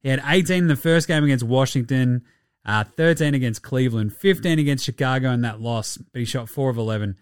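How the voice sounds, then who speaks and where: A man hosting a casual sports podcast, animated and jokey, swearing freely. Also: medium pitch, a little fast, smooth, dry recording. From Australia. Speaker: podcast host.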